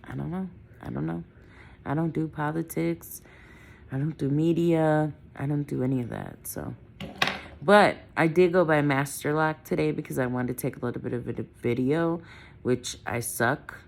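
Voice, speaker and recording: A middle-aged woman from Wisconsin, United States, vlogs from her car in a chatty, opinionated way, often ending thoughts with "right?" or trailing off with "I don't know." Her low, creaky voice moves at a normal speed, with slight background noise.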